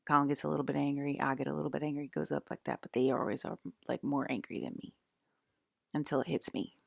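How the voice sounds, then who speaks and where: A woman in her forties with a low, gravelly voice, drifting through a loose monologue at home. She talks in a rambling, filler-heavy way and keeps checking in with "okay?". The sound is dry and close, with no room around it. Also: quick pace, dry recording. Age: 40s. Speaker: channel host.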